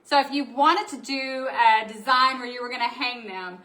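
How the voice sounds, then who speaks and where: A bubbly woman hosts a live craft stream, gushing over new supplies and talking straight to her viewers. Her voice is bright and sits a little high. She keeps it chatty and excitable throughout. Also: moderate pace, low-quality recording. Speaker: craft shop owner. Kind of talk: live stream product showing.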